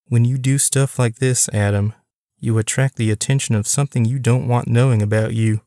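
A man's voice: medium pitch, fairly even intonation, normal speed, dark tone, no room sound, clean studio sound, close to an everyday voice. A man reading the lines of a stern, mysterious otherworldly woman who scolds firmly.

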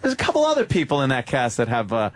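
A man's voice: medium pitch, wildly swooping pitch, fast talker. A man hosting a radio talk show, joking brashly and swearing freely. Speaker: radio host.

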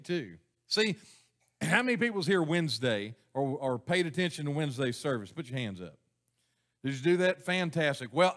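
A man's voice: on the high side, fairly bright tone. A man preaching a sermon to his church congregation, folksy and chuckling, often asking the people questions. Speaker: pastor. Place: church sanctuary.

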